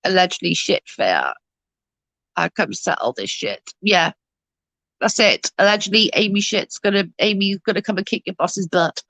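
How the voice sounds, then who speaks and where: A middle-aged woman chats casually to her viewers, telling funny family stories. She laughs easily and swears freely. Her voice sits at an ordinary pitch, and the recording is dry with little room sound. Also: lively intonation, moderate pace, fairly bright tone, no room sound. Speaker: livestream host. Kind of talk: casual storytelling chat.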